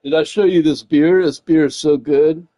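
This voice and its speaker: A slightly high-voiced man rambles in a loose, profane chat, tossing in "man" and "dude" between thoughts. His tone is mellow and dark rather than bright. The recording is close and dry, with no room sound. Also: fairly even intonation, normal speed, no room sound, faint music behind. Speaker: gaming streamer.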